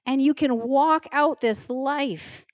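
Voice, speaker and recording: A middle-aged woman pastor preaching a sermon in an earnest, emotional way, slowing down to stress key words. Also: high-pitched, no echo, clean studio sound. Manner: earnest, emotional, slows down for emphasis. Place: church stage.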